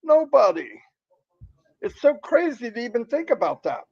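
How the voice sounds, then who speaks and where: Excitable high-voiced man. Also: moderate pace, creaky, breathy edge, lo-fi sound. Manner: emphatic, excitable, repeats himself. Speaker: motivational speaker. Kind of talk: impassioned motivational talk.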